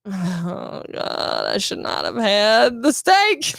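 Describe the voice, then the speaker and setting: A woman's voice: mid-range voice, huge pitch swings, takes it slowly, gravelly, fairly bright tone, no room sound, clean studio sound. A woman guest on a casual interview show, telling a story and acting out quotes, swearing freely. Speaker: guest actress.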